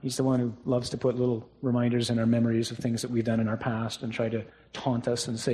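Male priest preaching at a funeral, conversational and mid-pitched, with a habit of tag questions. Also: completely flat delivery, fast talker, hardly any pauses, mellow. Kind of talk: funeral homily.

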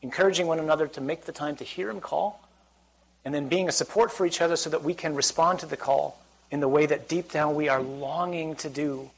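Here a priest's fairly high voice carries some vocal fry as he moves a little fast through a Catholic sermon before an audience in a church or hall. His style is chatty, with humorous asides and frequent questions to the crowd; the audio is poor.

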